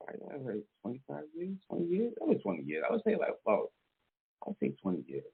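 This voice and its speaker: A man's voice: a little high, huge pitch swings, fast talker, gravelly, husky. A man hosting a casual chat, laid-back and slangy, often repeating his words. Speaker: host. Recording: tinny phone-like line.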